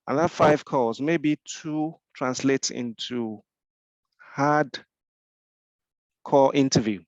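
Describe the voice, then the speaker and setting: A man's voice: mid-range voice, slow, dry recording, lo-fi sound. A man with a Nigerian accent, mentoring in a Q&A discussion, explaining with rhetorical questions and frequent repeated restarts.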